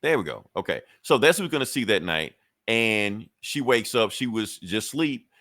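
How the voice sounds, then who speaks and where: A man recaps a comic episode on a podcast, rambling and swearing freely as he goes. His voice sits low, and the sound is dry and close with no room echo. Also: animated, moderate pace, sharp tone. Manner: loose, profane, rambling storytelling. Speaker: podcast co-host.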